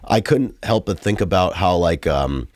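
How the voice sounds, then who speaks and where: A man with a very low voice co-hosts a relaxed music podcast. He talks in loose, rambling runs full of "like" and "um". The sound is dry and close to the mic. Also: normal speed, no echo. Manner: rambling, filler-heavy, enthusiastic. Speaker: podcast co-host. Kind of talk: casual music podcast chat.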